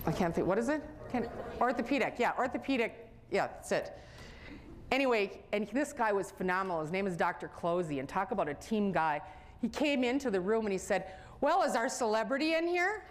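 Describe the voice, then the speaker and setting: A middle-aged woman telling a personal story in an animated way, often laughing as she speaks. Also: medium pitch, fairly quick.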